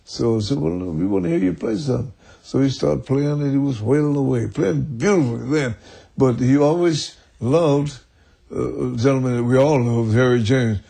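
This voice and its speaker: Older man with a gravelly, husky voice. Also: mid-range voice, steady tone, moderate pace, warm tone. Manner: rambling, chuckling, restarts often. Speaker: interview guest. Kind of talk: storytelling in an archive interview.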